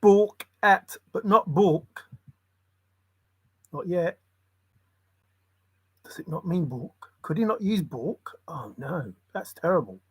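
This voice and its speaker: A man's voice: high voice, a bit bright, breathy edge, no echo. A man rambling in a solo monologue, muttering to himself and breaking into sudden exclamations. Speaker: channel host.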